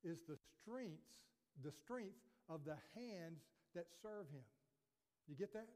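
A man's voice: high-pitched, animated, slow pace, warm tone. A man pastor preaching a sermon earnestly, quoting scripture and asking rhetorical questions. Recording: long reverb of a church hall.

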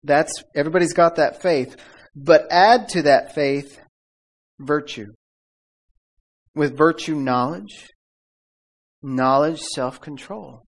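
A man's voice: a little high, takes it slowly, long pauses. A man preaching a casual sermon, calling out for amens and audience repeats, laughing as he tells stories. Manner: laughs often while telling stories. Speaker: pastor. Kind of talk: conversational sermon.

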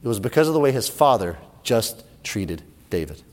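A man preaching a sermon in animated storytelling style, often repeating words, in an echoey hall. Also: lowish voice, normal speed.

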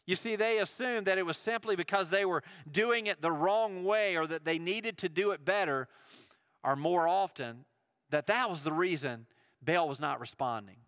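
A man preaching with a high, bright voice, retelling scripture and voicing its characters in an easygoing, conversational way. The sound is dry and close, with no room echo. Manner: storytelling, acts out biblical dialogue casually. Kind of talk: sermon.

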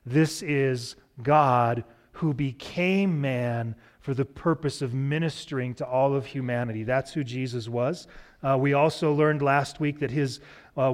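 A man preaching a sermon as pastor in a church sanctuary, relaxed and cracking light jokes to the congregation. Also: mid-range voice. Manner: relaxed, joking asides to the congregation.

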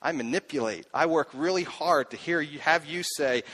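A middle-aged pastor preaches a sermon from the pulpit, earnest and searching. His voice is slightly higher than most men's and fairly bright, at a normal speed, and he questions himself aloud while circling back to repeat key lines.

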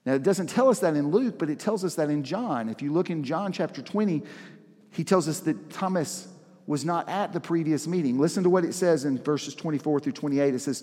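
A man's voice: on the high side, normal speed, warm tone. Man preaching a storytelling sermon in an echoing hall. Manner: conversational storytelling with dramatic emphasis. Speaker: pastor. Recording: reverberant large hall.

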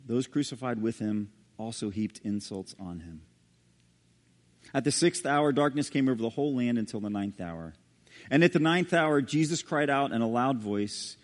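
A male pastor preaching a sermon and reading scripture aloud, dramatic, with sudden hushed low drops on key words. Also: normal speed. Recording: long hall reverb.

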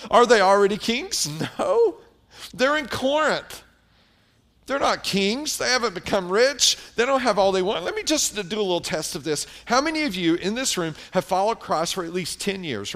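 A middle-aged male pastor preaching with a high-pitched voice. He is emphatic and keeps turning to the congregation with questions. His sermon builds and falls back to quieter stretches.

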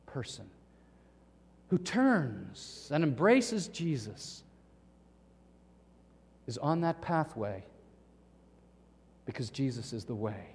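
Pastor guy preaching, slightly high voice, big echoey church, punchy pauses. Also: big pitch swings, a little mellow, husky. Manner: emphatic, with dramatic pauses and voiced quotations. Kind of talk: sermon.

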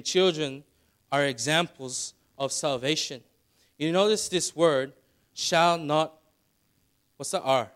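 Middle-aged male pastor, slightly high voice, emphatic sermon delivery. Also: slow, long pauses. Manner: preaching, rising to loud emphatic passages.

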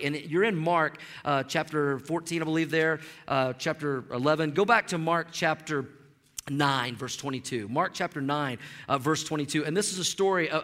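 A high, bright male voice carries a lively, emphatic sermon, tumbling over repeated words before he drives each point home. His pastor's delivery rings out through a large church sanctuary with a long reverberant tail. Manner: animated, emphatic preaching with frequent stammered restarts.

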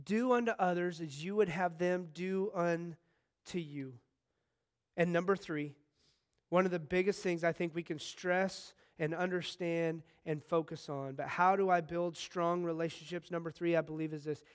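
A man in his thirties delivers a sermon in a high, light voice. He talks to the congregation like a friend, telling stories and breaking into sudden excited bursts. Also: moderate pace, clear, resonant tone. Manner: conversational, animated storytelling with sudden bursts of excitement. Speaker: pastor.

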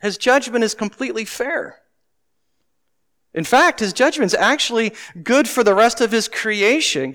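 A man's voice: sits high, fairly bright tone. A man preaching a sermon in a church sanctuary, conversational and often asking the congregation questions. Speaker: pastor. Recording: long reverb of a large hall.

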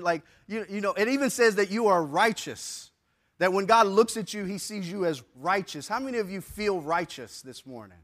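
A man preaching a sermon to a church congregation in a conversational way, using casual slang and swinging between soft and loud passages. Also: sits high, expressive, normal speed. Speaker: pastor. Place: church service before a congregation.

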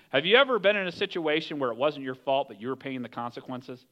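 A man preaching a sermon as pastor, telling the story in a lively way and acting out the voices of the people in it. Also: a little high, fast, highs cut off. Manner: animated storytelling, acts out voices of characters.

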